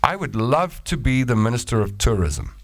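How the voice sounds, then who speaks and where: A man's voice: mid-range voice, animated, moderate pace, no room sound. A South African man hosting a casual solo chat show, reading out listener messages with a playful, joking, rambling manner. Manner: playful and jokey, rambling asides.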